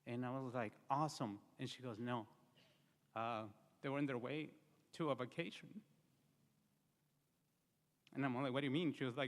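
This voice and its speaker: A man gives an earnest eulogy full of stories at a memorial service, using fillers frequently and leaving long pauses. He speaks at normal speed with a medium pitch, and the hall is reverberant.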